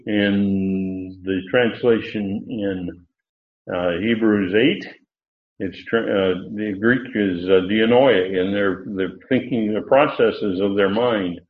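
A man teaching the Bible verse by verse in a halting way, with many fillers and restarts, leaning hard on emphatic words. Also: on the low side, slight background noise. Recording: echoey room on a tinny phone-like line.

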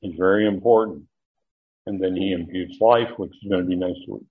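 A man teaching a Bible study, deliberate and emphatic, pausing often with fillers. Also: sits low, fairly even intonation. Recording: muffled lo-fi recording.

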